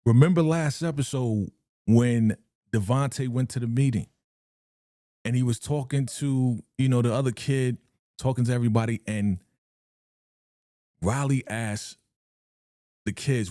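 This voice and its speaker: A man's voice: medium pitch, measured pace, pauses often, mellow, no room sound, studio quality. A man streaming live as he reacts to a TV episode, talking casually with lots of slang, laughing and acting out the characters' lines.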